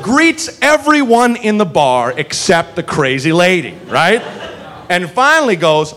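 A man tells a profane, animated story on a comedy stage, his high voice leaping around as he acts out each person. A faint audience murmur and light noise sit behind him. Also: unhurried, some chatter behind. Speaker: stand-up comedian. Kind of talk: stand-up storytelling. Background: audience laughter.

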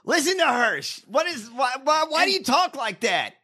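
Mocking, animated male podcast host. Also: very high-pitched, normal speed. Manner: loud, mocking, rants in bursts. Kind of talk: profane political chat.

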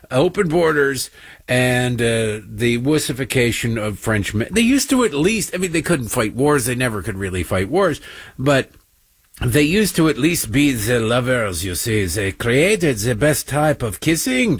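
Male talk host, husky voice, sarcastic rambling monologue, dry close sound. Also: mid-range voice, dry recording. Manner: sarcastic, rambling, mocking asides. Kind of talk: opinionated talk show monologue.

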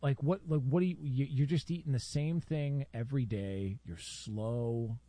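A man's voice: medium pitch, normal speed, warm tone, no room sound. A man co-hosting a casual podcast chat, joking and laughing often. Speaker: podcast co-host.

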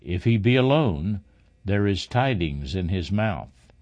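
A man's voice: sits low, expressive, slow, darkish tone, muffled recording. A man reading the part of an old king crying out in grief for his son. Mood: calm.

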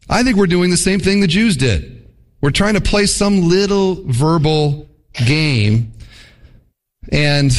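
Man, pastor preaching a sermon, lively swinging pitch, slightly higher voice, playful mock voices. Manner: animated, mock voices for illustrations.

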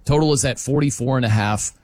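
A male radio host leading a lively sports talk segment in an excitable way. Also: medium pitch, fast talker, slight background noise. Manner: excitable, mimics crowd chants.

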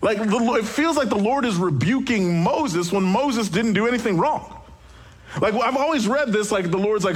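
A man preaching a sermon in an animated, conversational way, with quick asides and restarts. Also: high voice, breathy edge. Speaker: pastor.

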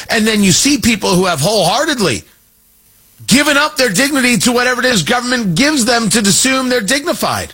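A man hosting a talk radio show, giving an emphatic, mocking political commentary monologue with drawn-out stresses. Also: very high-pitched, expressive, pushed and bright, breathy edge.

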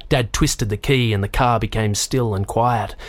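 A man reading a children's novel aloud in a measured, even storytelling manner. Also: on the low side, no echo. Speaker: narrator. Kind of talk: audiobook narration.

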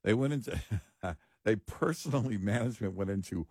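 A man co-hosting a radio show, chiming in with short agreements and then telling his own story in relaxed casual chat. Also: fairly low pitch, a little fast, slightly rough, no room sound, studio quality.

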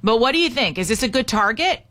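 A woman hosts a morning talk radio show with a bright, forceful tone. She is chatty and opinionated, commenting on the news and giving out the call-in number again and again. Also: on the high side, lively intonation, fast.

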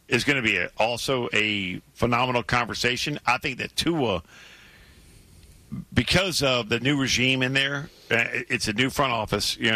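A man co-hosts a sports radio show while losing his voice, so he sounds hoarse. His tone is bright and forceful, his delivery emphatic, with stumbles and repeated words. The sound is dry and close. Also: medium pitch, no room sound.

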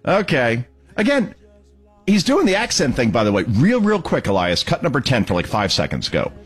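Male talk radio host, husky and lively, mocking commentary. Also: medium pitch, normal speed. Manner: mocking, sarcastic, emphatic.

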